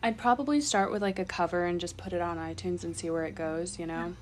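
A young woman chatting casually, telling an excited story with swearing and laughter. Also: lowish voice, fast, a little hiss or hum. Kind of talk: casual chat.

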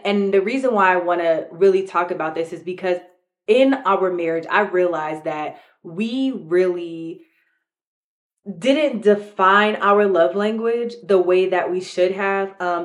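A young adult woman co-hosting a podcast in frank, casual chat, speaking literally and calling listeners "y'all". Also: on the low side. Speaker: podcast co-host with her husband.

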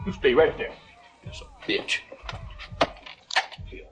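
An actor playing a cranky, loud father who hollers and cackles at noisy party kids, heard in a dull film clip with music behind. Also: slow pace, close to an everyday voice. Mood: mocking. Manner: hollering, blustery, cursing, cackling. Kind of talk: comedy film acting.

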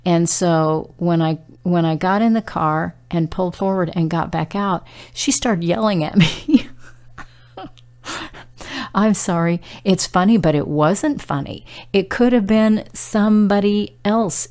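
Low, gravelly woman giving a devotional talk. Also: unhurried, darkish tone. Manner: conversational and earnest, with fillers and restarts. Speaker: devotional speaker. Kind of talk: casual spoken devotional message.

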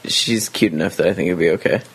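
Blunt man with a husky voice. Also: low voice, fast talker. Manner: blunt, crude. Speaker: podcast co-host. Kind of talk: casual comedy banter.

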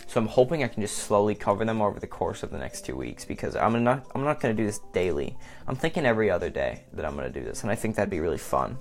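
A man's voice: fairly low pitch, big pitch swings, fast talker, vocal fry, soft background music. A man talking on his own in a casual vlog, rambling between topics, swearing, and often saying "like.". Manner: rambling and self-mocking, swearing, frequent "like". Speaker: vlogger. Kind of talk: casual solo monologue.

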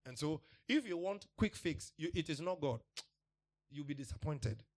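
A man's voice: a little high, expressive, moderate pace. A man preaches to his congregation. He speaks emphatically, repeating his points and laughing now and then between them. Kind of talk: sermon.

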